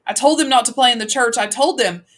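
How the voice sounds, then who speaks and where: A woman's voice: on the high side, normal speed, a bit bright, voice pushed up. Woman reading a frantic grown woman. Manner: urgent, distressed.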